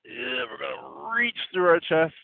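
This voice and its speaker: A man's voice: fairly high pitch, expressive, measured pace, creaky, no room sound. Male yoga instructor, playful breath cues, tinny phone-like sound, dry. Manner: gentle cueing of breath and poses, playful. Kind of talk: guiding an online yoga class.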